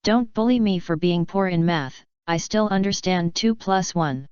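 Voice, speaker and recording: A woman's voice: fairly low pitch, unhurried, darkish tone, smooth, no room sound, close to an everyday voice. A woman reading a dazed, guileless young actress. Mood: indignant. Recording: slightly dull lo-fi recording.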